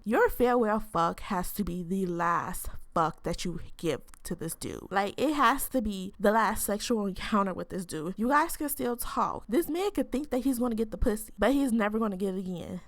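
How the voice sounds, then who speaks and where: A young woman hosting her podcast alone, talking in a brash, foul-mouthed, joking way. Her voice sits at an ordinary pitch, and she talks in loose, casual chat. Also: a bit bright. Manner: brash, profane, joking banter. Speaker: podcast host.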